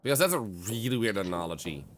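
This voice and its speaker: Lively Swedish-accented streamer man. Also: on the low side, fast talker, background noise. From Sweden. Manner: chatty, rambling, joking with chat. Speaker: game streamer. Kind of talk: casual live-stream chat.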